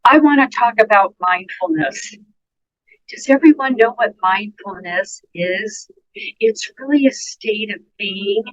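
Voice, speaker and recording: A woman's voice: mid-range voice, a bit bright, dull audio. A woman nurse, a guest on a podcast interview, giving earnest, emphatic advice and speaking directly to listeners. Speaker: guest nurse and dementia care educator.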